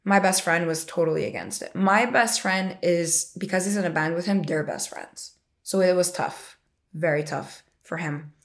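A woman's voice: fairly low pitch, moderate pace. A woman in her twenties telling a personal story in a frank, rambling, conversational way. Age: 20s. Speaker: interviewee sharing a personal story.

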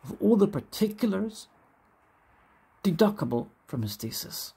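A woman's voice: mid-range voice, sing-song, a little slow, dark tone, breathy edge. A woman reading a classic essay aloud, careful and stumbling now and then over hard names. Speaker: reader.

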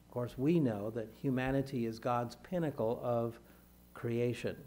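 The sermon comes from a man whose medium-pitched voice has a dark tone. He speaks in careful, measured phrases and grows louder as he reads scripture aloud.

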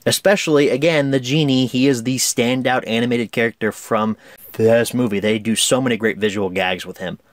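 A man's voice: medium pitch, steady tone, normal speed, no echo. A man giving a casual, chatty film review, enthusiastic and laughing often.

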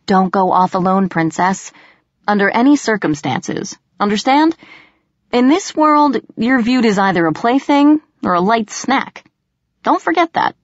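A woman's voice: on the low side, normal speed, no room sound, natural voice. A woman voicing a teasing young male fairy trickster with wry, sarcastic banter, in a dull, slightly muffled recording.

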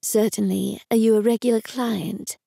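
A woman's voice: medium pitch, steady tone, moderate pace, vocal fry, dark tone, no echo, clean studio sound. An Australian woman voicing a polite, businesslike receptionist. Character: polite brisk female receptionist.

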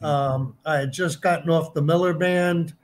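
A man's voice: a little high, fairly even intonation, moderate pace, a little hiss or hum. Older man with teasing interjections. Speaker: former band member guest.

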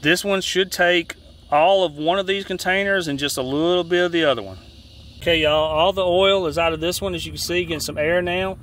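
A man from Georgia with a Southern accent, a fishing guide giving a casual step-by-step how-to demonstration outdoors, folksy and relaxed, often restarting his phrases. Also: high-pitched, a little fast. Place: outdoors beside a boat. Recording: faint outdoor noise.

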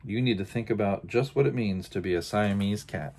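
A man's voice: fairly low pitch, brisk, darkish tone. A man voicing a fussy mother cat in a storybook, scolding her son at length in an insistent, lecturing voice.

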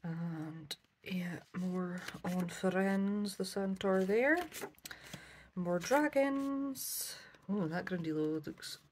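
Slow-talking woman showing a craft haul. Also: mid-range voice, a little mellow, a little hiss or hum. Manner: chatty, many ums, self-correcting. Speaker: craft vlogger. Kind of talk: casual show-and-tell haul.

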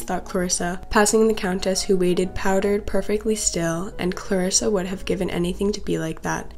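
A young woman, a student, narrating a literary short story in a steady, measured reading. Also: on the low side, gravelly. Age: young adult. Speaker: student reader. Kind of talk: scripted narration.

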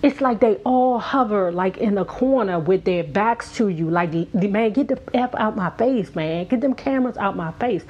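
A woman's voice: medium pitch, a little mellow. A woman hosting a casual commentary, reading a book aloud and cutting in with blunt, profane remarks to her viewers. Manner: outspoken, profane, talks straight to viewers. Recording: dull lo-fi audio with faint hum.

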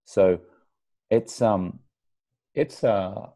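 An Australian man hosting a podcast conversation in a very low, mellow, relaxed voice. He speaks thoughtfully, circling back with fillers and restarts as he works through an idea. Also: extremely slow. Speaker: podcast host. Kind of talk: conversational interview.

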